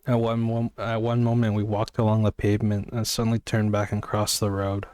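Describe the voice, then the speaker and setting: Sleepy guy reading a book out loud, low and monotone, dry close sound. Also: brisk, dry recording. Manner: stumbles and apologizes mid-reading. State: sleepy, yawning. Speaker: amateur reader. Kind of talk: casual audiobook reading.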